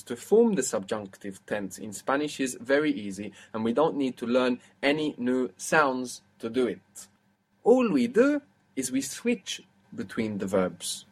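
A man teaching a language lesson, explaining step by step and quizzing his student. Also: medium pitch.

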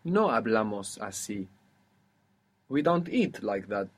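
A man's voice: fairly low pitch, big pitch swings, slow pace. A man teaching a spoken language lesson, patiently explaining step by step and encouraging his student.

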